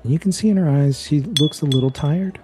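A man narrating as game master in a tabletop role-playing game, in a relaxed descriptive manner. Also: fairly high pitch, brisk, music in the background.

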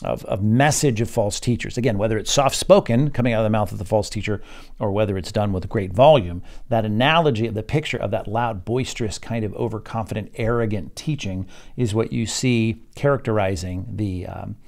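A man teaching an evening Bible study as its pastor, reading verses aloud and explaining them while thinking aloud, with many pauses and repeated words. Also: on the low side, vocal fry, a little mellow. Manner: reads scripture aloud then explains it.

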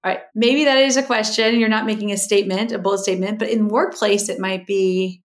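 A middle-aged woman, a guest expert on a podcast, explaining communication habits in a lively way and acting out quoted voices. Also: medium pitch, fast talker, hardly any pauses. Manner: animated, acts out quoted voices, explains in lists. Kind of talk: podcast interview.

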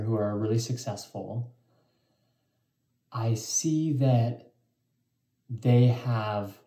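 A man with a mellow, warm tone talks earnestly and introspectively in a personal vlog. He pauses softly between thoughts. The room around him rings with a noticeable echo. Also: mid-range voice. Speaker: vlog host. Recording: echoey room.

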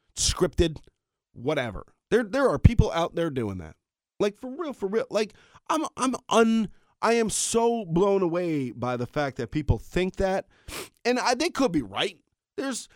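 A man's voice: a little high, dry recording, studio quality. A middle-aged man hosting his own podcast, ranting in a casual, rambling way with self-aware asides. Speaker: podcast host. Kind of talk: casual solo podcast rant.

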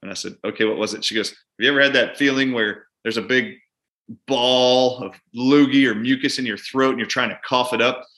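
A man with a bright, forceful voice tells a clinic story in an interview. He talks animatedly and acts out both sides of a conversation with a patient. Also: medium pitch, fairly even intonation, fairly quick. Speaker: doctor and guest.

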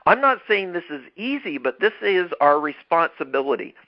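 A man's voice: high voice, big pitch swings, normal speed, lo-fi sound. Emphatic man hosting a leadership podcast. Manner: emphatic, repeats phrases, restarts mid-word. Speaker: podcast host. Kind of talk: motivational leadership talk.

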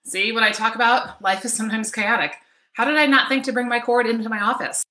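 A woman's voice: a little high, fairly even intonation, fast talker, pushed and bright, reverberant, slight background noise. A middle-aged woman coaching an online workshop, upbeat and chatty, often checking in with "right?". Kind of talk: live online workshop talk. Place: home office.

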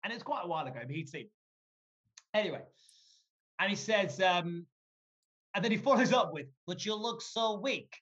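A man speaking as a guest, telling a story in a lively, joking way and swearing casually. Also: sits high, a little fast, pauses often, dull audio.

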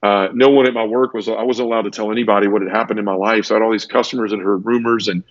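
A man's voice: fairly low pitch, fairly even intonation, very fast, no room sound, dull audio. A man earnestly telling his personal conversion story in a conversational interview, tumbling through it with restarts. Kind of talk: conversational testimony.

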